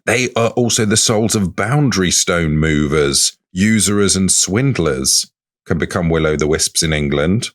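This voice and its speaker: A man's voice: sits low, expressive, measured pace. A man co-hosting a comic folklore podcast, reading book passages aloud in a playful way. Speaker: podcast co-host.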